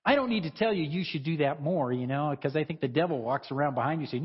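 A man's voice: a little high, fast talker, husky, muffled recording. A man preaching a conversational sermon, informal and chuckling, who breaks off and restarts his sentences as he goes. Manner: informal, self-interrupting, chuckling asides.

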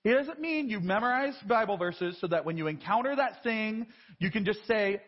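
High, lively male preacher in a reverberant church. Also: moderate pace, breathy edge. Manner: conversational and self-deprecating, with rhetorical questions. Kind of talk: sermon. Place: large church. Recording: dull live broadcast with long church reverb.

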